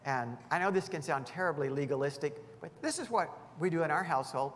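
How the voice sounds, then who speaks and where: High-voiced man preaching in an echoing hall. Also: animated, brisk, fairly bright tone. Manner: earnest, emphatic preaching with folksy asides. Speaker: pastor. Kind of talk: sermon. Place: church sanctuary. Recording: long reverb of a large church hall.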